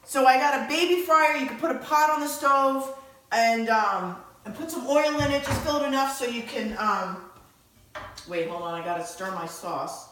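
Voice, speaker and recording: A woman giving a casual, chatty cooking demonstration in her home kitchen, excitable and full of fillers. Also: high-pitched, normal speed, roomy sound, low-quality recording. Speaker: home cook.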